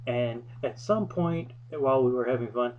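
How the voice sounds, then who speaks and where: A man's voice: mid-range voice, normal speed, lo-fi sound, a little hiss or hum. A young man hosting his vlog, telling a story from his past in a wry, self-deprecating way. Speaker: vlog host. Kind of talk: casual storytelling.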